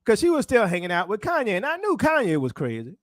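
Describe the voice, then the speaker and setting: A man delivering a street-style sermon in a high, animated voice. He drives his points home with repeated phrases and pointed questions. The sound is dry and close. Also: quick pace, no room sound. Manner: emphatic, repetitive rhetorical questions. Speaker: preacher.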